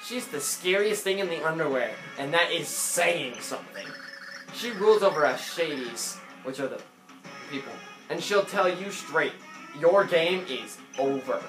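A chatty underworld shade, as a man puts him on, breezy and full of jokes. He talks loud and a bit high for a man. There is echo in the room, with game music running underneath. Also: expressive, unhurried. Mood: jokey. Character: chatty joking male underworld shade greeter.

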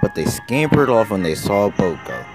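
A man narrating a children's story about engines in a brisk storytelling manner. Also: fairly low pitch, big pitch swings. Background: music.

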